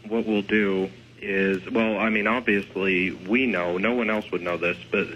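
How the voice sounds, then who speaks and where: A man's voice: on the low side, fairly even intonation, a little slow, fairly bright tone, lo-fi sound, a little hiss or hum. A man, a ghost investigator, explaining things in a radio interview, loose and full of fillers.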